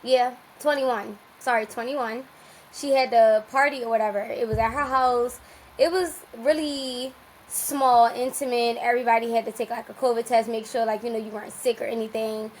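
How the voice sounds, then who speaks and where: A woman guest on a podcast telling a personal story in a casual, animated way, laughing often and restarting her sentences. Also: a little high, moderate pace, slight background noise, low-quality recording.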